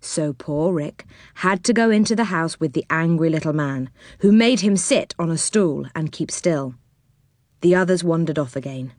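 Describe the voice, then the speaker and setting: A woman reading a children's storybook aloud, gentle and expressive. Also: low-pitched, moderate pace, no room sound, studio quality.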